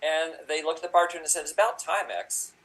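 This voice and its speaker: A man performing in an improv comedy show, telling jokes in a rambling, halting way. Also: on the high side, fairly even intonation, a bit bright, rough recording.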